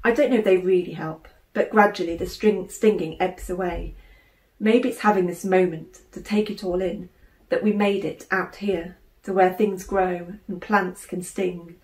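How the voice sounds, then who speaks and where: Woman reading a storybook aloud. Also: on the low side. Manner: measured, expressive storytelling. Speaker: author reading her book. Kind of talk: audiobook narration. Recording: roomy room echo.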